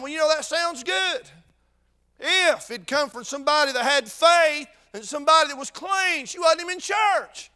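A man preaching a sermon with fervor, going from shouted peaks to quiet intensity and repeating words as he restarts his sentences. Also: very high-pitched, lively intonation, moderate pace.

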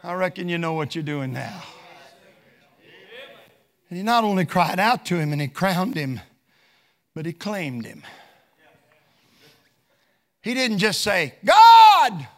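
A man's voice: fairly high pitch, expressive, unhurried, pauses often, fairly bright tone. A man preaching a sermon in a fervent, emphatic way.

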